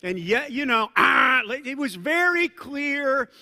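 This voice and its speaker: High bright-voiced pastor guy, chatty animated sermon, big echoey church hall. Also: takes it slowly. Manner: conversational, animated preaching with asides and self-corrections. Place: church sanctuary. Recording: long reverb of a large church hall.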